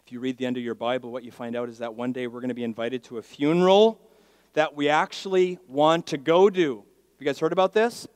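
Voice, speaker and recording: A male pastor preaching a sermon, swinging from quiet asides to loud emphatic declarations and leading the congregation in call-and-response. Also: mid-range voice, fairly even intonation, a little fast, clean tone, dry recording. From Miami, Florida.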